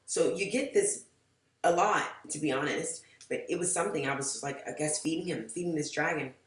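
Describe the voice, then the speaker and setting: A woman's voice: low-pitched, brisk. A woman telling a storytime vlog in a frank, rambling way, swearing freely and saying "like" a lot. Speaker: vlogger. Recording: roomy echo, mic far off.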